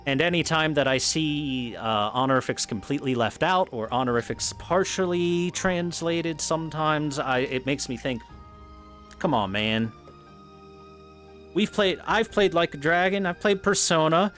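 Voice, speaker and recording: A man's voice: fairly high pitch, normal speed, hardly any pauses, fairly bright tone, faint music behind. A man streaming a game, talking in rambling casual commentary, swearing freely and laughing at his own points. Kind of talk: casual commentary while gaming.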